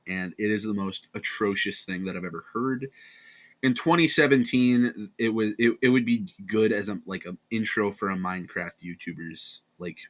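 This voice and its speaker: A man's voice: on the low side, fairly bright tone. A tired man with an American accent giving a rambling, sarcastic casual commentary on online drama, often correcting himself. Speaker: commentary channel host.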